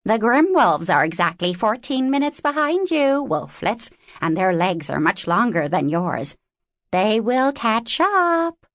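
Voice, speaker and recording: A woman voicing a sharp-tongued young male raven in an audiobook, with a raspy, clipped delivery. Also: mid-range voice, big pitch swings, a little slow, no room sound, studio quality, pitched above the performer's own voice. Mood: mocking.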